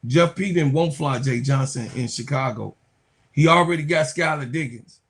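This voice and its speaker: Male sports vlogger, fairly high pitch and husky voice, slangy and hyped, repeats lines for emphasis. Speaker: sports channel host. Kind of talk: casual sports commentary.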